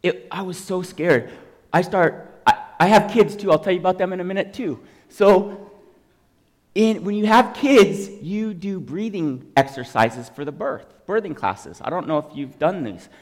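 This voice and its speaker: A man giving an emotional, animated testimony as a sermon, telling his story to a congregation. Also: high-pitched, moderate pace, big-room sound.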